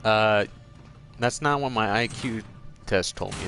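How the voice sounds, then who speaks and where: A man's voice: lowish voice, a little slow, gravelly, a bit bright, faint music behind. A man hosting a gaming channel, chatting casually while he plays and drifting from one joking tangent to the next. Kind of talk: casual commentary while playing a game.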